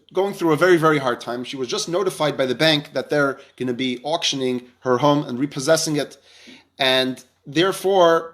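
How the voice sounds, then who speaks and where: A man with a fairly high voice tells a story as part of a Torah lesson. He acts out the dialogue and often restarts his sentences. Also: a bit bright. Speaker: rabbi teacher.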